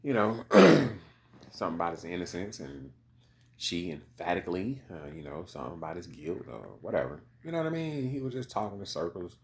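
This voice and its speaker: A man's voice: low voice, big pitch swings, brisk, gravelly. A man giving a rambling, casual commentary monologue, full of profanity and repeated "you know what I mean" asides.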